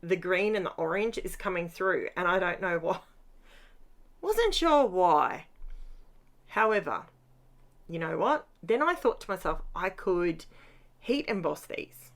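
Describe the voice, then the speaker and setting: A middle-aged woman with a low-leaning voice speaks unhurriedly while narrating her scrapbooking, tired after a long day. This craft vlogger stays chatty and upbeat, drifting into rambling asides.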